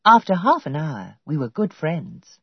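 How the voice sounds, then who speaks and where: Female storybook narrator, measured reading, lively husky voice, dry close sound. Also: low-pitched, no echo. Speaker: audiobook narrator. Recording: dull lo-fi audio.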